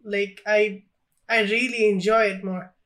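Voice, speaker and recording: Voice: medium pitch, level tone, unhurried, fairly bright tone. A podcast co-host in casual film chat who teases and questions the other host.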